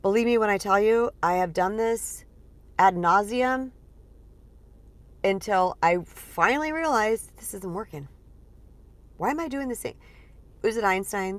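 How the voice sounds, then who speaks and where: A woman in her forties coaches her listeners in a relaxed, conversational way. She sounds earnest and lively and keeps checking in with her audience. Her voice sits at an ordinary middle pitch for a woman. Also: unhurried, long pauses. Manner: earnest, lively, uses many fillers. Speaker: spiritual empowerment coach. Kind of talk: casual teaching monologue.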